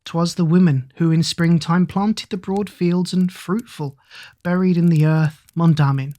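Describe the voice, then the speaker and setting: Sleep story narrator, rhythmic verse recitation, measured delivery, mid pitch. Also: fairly even intonation, mellow. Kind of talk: bedtime sleep story reading of an epic poem.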